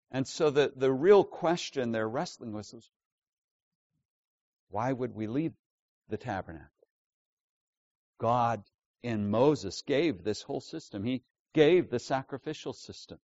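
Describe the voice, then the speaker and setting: A man preaching a Bible sermon, stressing key words loudly and dropping to quiet asides. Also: no echo, dull audio. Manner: emphatic teaching, swinging between loud stresses and low asides. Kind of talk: expository sermon.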